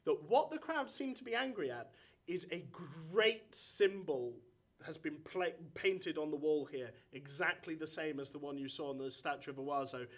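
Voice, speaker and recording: A man's voice: on the high side, lively intonation, moderate pace. A man narrating as game master of a live tabletop game, hesitant, with many ums and uhs. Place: stage in front of a live audience.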